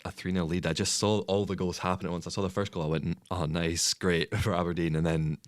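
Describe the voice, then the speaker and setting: Low-voiced laid-back man. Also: level tone, a little fast, no room sound, studio quality. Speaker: podcast co-host. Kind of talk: casual football chat.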